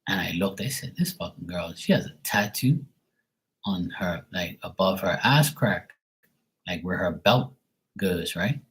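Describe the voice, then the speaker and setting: A man with a very low, husky voice talks on his livestream in a loose, rambling way. He is blunt and swears freely as he tells a story and reads out chat. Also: lively intonation, a little slow, fairly bright tone, poor audio. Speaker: livestream host.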